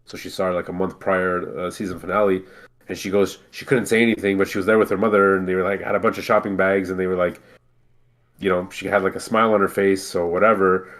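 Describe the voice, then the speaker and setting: A man from Montreal talks through a relaxed chat with a friend. His voice sits on the low side, and he rambles, circling back with restarts and fillers as he goes. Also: fast. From Montreal, Canada. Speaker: co-host. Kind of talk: casual chat.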